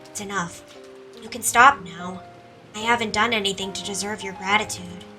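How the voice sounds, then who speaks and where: A woman voicing a quiet, solemn young girl in a game, speaking softly and gravely. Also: mid-range voice, steady tone, normal speed, distant mic, faint music behind, lightly acted. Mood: solemn hushed.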